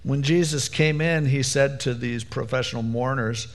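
Casual, animated male preacher. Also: medium pitch, moderate pace, hardly any pauses. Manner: casual, animated, acts out quotes. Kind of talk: conversational sermon.

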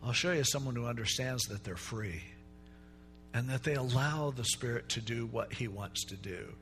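A middle-aged male pastor preaching a sermon in a relaxed, conversational way, telling stories and acting out the people in them. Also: mid-range voice, normal speed, soft background music. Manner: conversational storytelling preacher, acts out quoted voices.

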